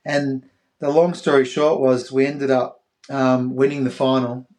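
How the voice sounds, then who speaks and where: A middle-aged Australian man telling an emotional story as a podcast guest, animated, acting out other people's voices and dropping soft at tender moments. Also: mid-range voice, unhurried. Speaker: podcast guest, former athlete.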